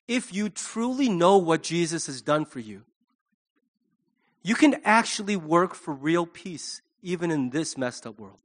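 Animated preacher man with a lifted voice. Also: fairly high pitch, measured pace. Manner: animated, acts out quoted voices. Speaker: pastor. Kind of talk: sermon.

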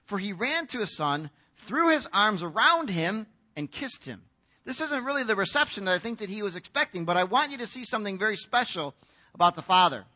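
A man's voice: high voice, big pitch swings, a little fast, pushed and bright. An American man preaching a sermon in a conversational storytelling way, acting out the voices in the story. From United States. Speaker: pastor.

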